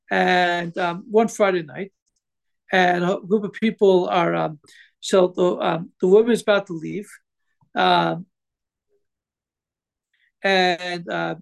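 A man giving an informal religious class, telling a story in a halting way with many fillers and restarts. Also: sits high, gravelly. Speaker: Torah teacher telling a story.

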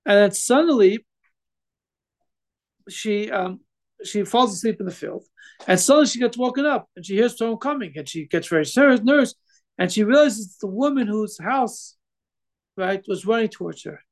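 A man with a high voice that is full of gravelly fry gives an informal religious class. He tells his story haltingly, stumbling over restarts and filling pauses with "um" and "like.". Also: animated. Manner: halting, many fillers and restarts. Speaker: Torah teacher telling a story.

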